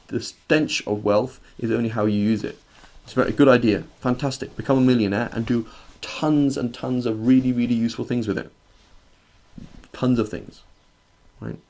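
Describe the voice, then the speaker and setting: A man's voice: mid-range voice, darkish tone. A male religious teacher giving a conversational lesson. He reads classical Arabic passages, translates and explains them, and keeps checking in with "right?". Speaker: Islamic teacher.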